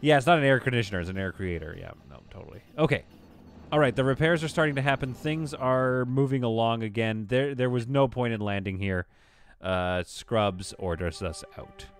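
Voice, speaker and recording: A man's voice: mid-range voice, moderate pace, clean tone, no room sound, soft background music. A man streaming a game live, giving exasperated, self-mocking play-by-play commentary with sudden outbursts.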